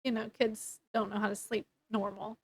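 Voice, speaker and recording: A woman's voice: mid-range voice, level tone, normal speed, husky. A woman casually retelling a novel's plot in a rambling, chatty way, full of fillers and restarts. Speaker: book reviewer. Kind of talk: casual book review recap.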